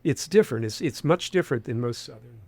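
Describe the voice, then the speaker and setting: A man in his sixties from Huntington, West Virginia speaks quickly and expressively in a medium-pitched, slightly mellow voice, recorded with no room sound. Appearing as a conversational interview guest with a faint Appalachian accent, he rambles, restarts phrases, and leans on fillers.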